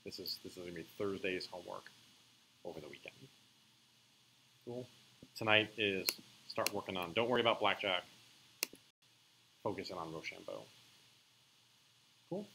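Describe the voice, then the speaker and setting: Man, coding instructor, low voice, relaxed classroom lecture, faint room hiss. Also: normal speed, vocal fry, long pauses, poor audio. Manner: relaxed, conversational, checks in with the class often.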